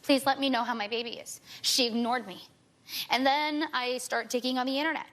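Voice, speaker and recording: A woman in her twenties, a talk show guest, rushing through an emotional personal account and repeating herself as she pleads her case. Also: high voice, fairly even intonation, a bit bright.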